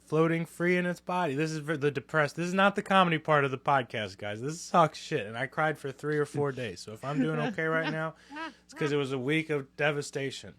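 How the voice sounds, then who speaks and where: A man's voice: fairly high pitch, fairly quick, fairly bright tone. A young man co-hosting a podcast, telling a story in casual chat, candid and swearing freely. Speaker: podcast co-host.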